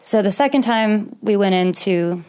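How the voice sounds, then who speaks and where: A young woman with a medium-pitched, mellow, clean voice speaks a little slowly. As a guest in casual conversation, she talks through a personal story openly and ramblingly, with nervous little laughs and the odd swear word.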